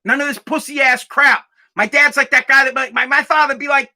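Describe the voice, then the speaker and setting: A man's voice: very high-pitched, flat delivery, fairly quick, pushed and bright. A young man hosting a podcast, telling stories in a brash, profane, emphatic way. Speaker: podcast host. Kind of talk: casual storytelling chat.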